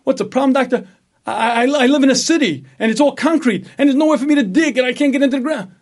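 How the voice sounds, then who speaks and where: A man's voice: very high-pitched, fast talker, pitched above the performer's own voice. A man putting on a stammering worm-man patient. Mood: distressed. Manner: stammering, repeating himself. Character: panicked adult man who thinks he is a worm.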